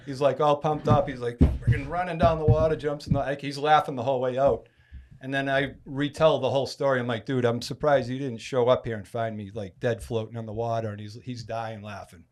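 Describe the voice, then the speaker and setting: A Massachusetts man appearing as a podcast guest spins a lengthy, easygoing story at a brisk pace. His mid-pitched voice ranges widely as he plays the people he quotes, often erupting loudly when voicing them.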